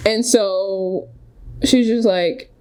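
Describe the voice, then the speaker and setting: A spiritual vlogger tells her own story casually, speaking very slowly but animatedly. She makes sudden pitch jumps and keeps tossing in "right?" and "okay?"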